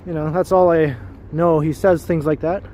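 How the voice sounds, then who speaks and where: This livestream host strolls outdoors downtown, chatting loosely with his audience over the traffic and laughing a lot. He speaks at normal speed in a fairly high, mellow voice with a steady tone.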